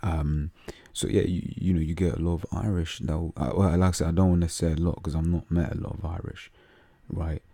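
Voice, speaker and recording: Low gravelly london guy breaking down bible verses, lots of "right?" and "you know", dark husky voice, dry close sound. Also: little pitch movement, a little fast, dry recording. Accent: London English. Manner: reads verses aloud, then explains in slang-heavy speech with many fillers. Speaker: religious teacher. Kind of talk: casual scripture talk.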